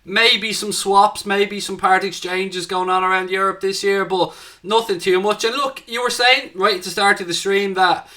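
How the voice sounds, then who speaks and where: A man hosting a live football stream, excitable and swearing freely. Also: high voice, normal speed. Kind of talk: casual live-stream chat.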